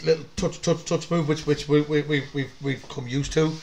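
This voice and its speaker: A man's voice: a little high, fairly even intonation, normal speed, vocal fry, darkish tone, a little hiss or hum. A man with a North East English accent, a football fan streaming a live match chat with blunt, sweary banter. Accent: North East England.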